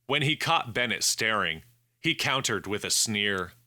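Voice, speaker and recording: A man narrating an audiobook in a measured, deliberate way, with lively intonation. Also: on the low side, no echo. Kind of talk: scripted narration.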